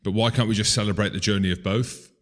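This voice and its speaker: A low-voiced man chatting about rugby on a podcast. He talks casually and mocks himself now and then. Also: fairly even intonation, fast. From Scotland. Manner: chatty, self-mocking, name-dropping. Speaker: podcast co-host.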